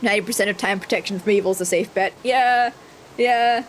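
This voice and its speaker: A woman streaming herself playing a video game, commenting casually and excitedly, joking and swearing freely. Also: medium pitch, brisk, a little hiss or hum.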